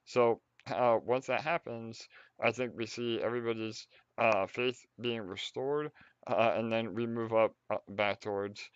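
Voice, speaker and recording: A man hosting a casual project update on a call, halting and full of fillers. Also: medium pitch, steady tone, clear, resonant tone, no echo, highs cut off.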